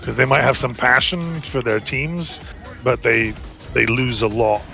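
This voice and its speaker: A man from the United States, whose American accent carries British undertones, rambles casually while gaming on stream, peppering his talk with "like" and tagging "right?" onto his points. His mid-range voice is a little slow, creaky, pushed, and bright, with soft background music behind it.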